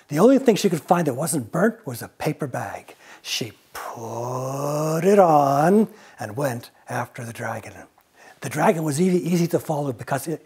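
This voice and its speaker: A man's voice: mid-range voice, darkish tone, husky. A man storyteller reading a children's story aloud, playful and dramatic, adding sound effects.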